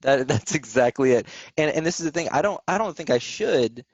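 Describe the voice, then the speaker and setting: A man hosting a casual interview over the phone, chatty and quick to laugh as he shares stories. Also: on the high side, slightly rough, no room sound. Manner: chatty, laughs often, lively anecdotes. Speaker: interview host. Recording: dry, dull phone-call audio.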